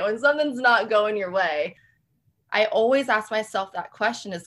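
A woman's voice: mid-range voice, expressive, moderate pace, bright, forceful tone. A woman hosting a podcast, affirming her guests' ideas and laughing often as she talks. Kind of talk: reflective podcast conversation.

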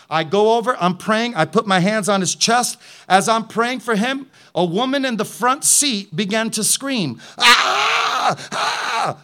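High, bright-voiced man preaching. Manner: impassioned storytelling, rising to fervent declarations. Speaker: pastor. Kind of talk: preaching testimony.

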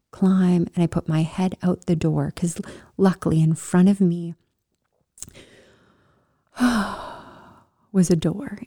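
A woman telling her own story in a casual, animated way, swinging from loud bursts to soft whispers. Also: mid-range voice, dry recording, clean studio sound. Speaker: storyteller sharing a personal story.

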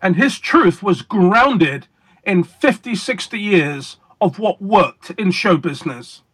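A man being interviewed as a guest magician, telling stories in a deliberate, emphatic way with pauses for effect. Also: high-pitched, expressive, a bit bright, slightly rough. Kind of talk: casual interview storytelling.

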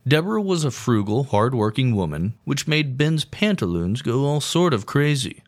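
A man's voice: medium pitch, big pitch swings, normal speed. A man hosting a podcast, telling history in a crude, irreverent comic way. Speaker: podcast host. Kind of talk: comedic history narration.

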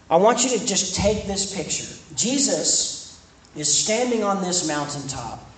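A young man preaching to a campus ministry in a conversational style that swells into emphatic points. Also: high voice. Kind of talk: sermon. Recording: echoey room, distant mic, faint noise.

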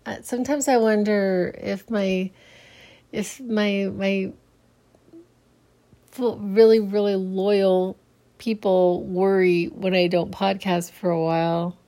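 A woman rambling casually on her own podcast late at night, sleepy and halting, restarting her sentences again and again. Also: mid-range voice, fairly even intonation, warm tone. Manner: halting, many restarts and trailing fillers. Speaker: solo podcaster and small business owner. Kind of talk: casual solo podcast monologue.

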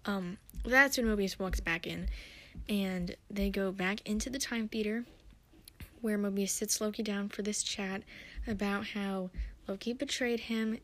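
A woman hosting her own podcast, recapping a TV episode in a chatty, rambling way with many fillers and restarts. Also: mid-range voice. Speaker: podcast host.

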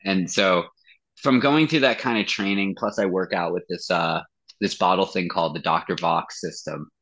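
Low-voiced, profane band singer. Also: male voice, moderate pace. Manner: animated storytelling, swears freely. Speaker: band vocalist. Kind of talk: casual interview chat.

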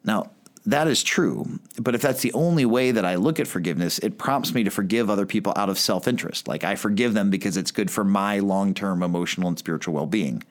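A pastor giving a sermon in a relaxed, conversational way, often saying "like" and restarting his phrases. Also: on the low side, a little fast. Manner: conversational preaching with frequent "like" and restarts.

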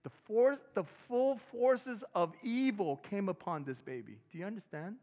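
A pastor with a voice that sits high preaches a sermon at normal speed, speaking to the congregation in a relaxed way that breaks into loud, excited bursts. The recording is lo-fi.

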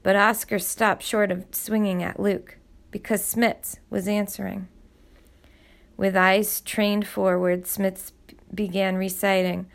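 Woman, audiobook narrator, expressive storytelling, gravelly vocal fry, mid-range pitch. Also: takes it slowly.

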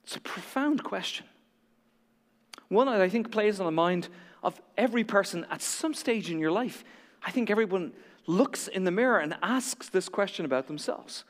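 A man preaching a sermon as a pastor, telling a story dramatically, dropping to a hush and then building to emphatic peaks. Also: high-pitched, animated, normal speed, long reverb tail.

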